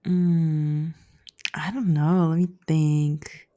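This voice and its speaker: A woman's voice: low-pitched, little pitch movement, extremely slow, warm tone. A woman co-hosting a podcast in casual chat, easygoing and steering the talk with questions. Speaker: podcast co-host.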